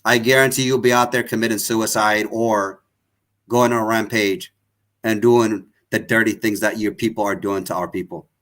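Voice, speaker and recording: A man's voice: lowish voice, steady tone, moderate pace, fairly bright tone. A man from Tigray, hosting an online show and speaking in an emotional, accusatory way with much repetition. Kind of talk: impassioned political talk.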